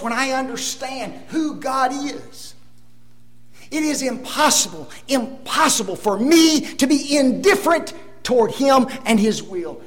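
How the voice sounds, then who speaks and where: High-voiced guy preaching a sermon, slow and lively, keeps asking the folks "don't we?", big swings loud to hushed. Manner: emphatic, rhetorical tag questions, dramatic swings between loud and hushed; addresses the congregation as folks.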